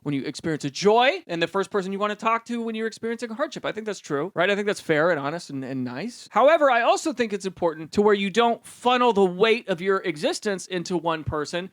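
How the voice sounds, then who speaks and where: A young man talks through comedic commentary in a high voice that leaps all over the place. He rambles, swears casually and stops to correct himself. The sound is dry and close to the mic, with no room around it. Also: lively intonation, quick pace, hardly any pauses, a bit bright, dry recording. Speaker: host reacting to online posts.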